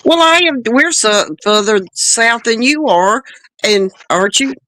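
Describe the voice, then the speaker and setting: A speaker in a casual group chat who talks haltingly, repeating words and restarting sentences. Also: medium pitch, expressive, bright, forceful tone, dry recording. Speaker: chat panelist.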